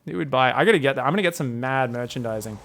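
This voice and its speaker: A man's voice: medium pitch, expressive, racing, gravelly, a bit bright. A man streaming game commentary, rambling, joking and swearing freely.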